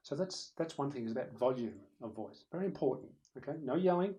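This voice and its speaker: A man's voice: medium pitch, quick pace, hardly any pauses, low-quality recording. Man teaching, conversational. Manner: conversational, animated, demonstrates loud and soft voices. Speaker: presenter teaching presentation skills. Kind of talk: recorded lecture. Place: room with a camera operator.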